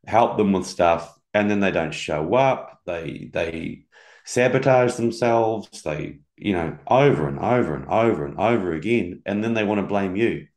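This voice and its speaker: A business coach with a very low voice talks through a casual podcast chat. He tells stories and acts out both sides of his conversations with clients. The sound is roomy, with a noticeable echo. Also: a little slow. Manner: animated storyteller who acts out client dialogues.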